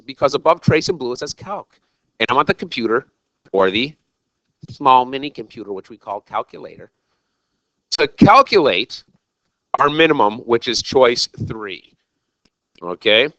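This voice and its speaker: A man's voice: medium pitch, expressive, moderate pace, long pauses, a bit bright, no echo, muffled recording. A man teaching a recorded algebra lesson, talking straight to his students in an exuberant, jokey, self-mocking way. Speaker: math teacher.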